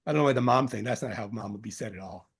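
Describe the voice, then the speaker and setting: Here a man's lowish, slightly rough voice rushes along very fast, carrying a faint Long Island accent from his New York home. His informal talk on medicinal herbs wanders, with jokes, filler words, and frequent corrections of himself.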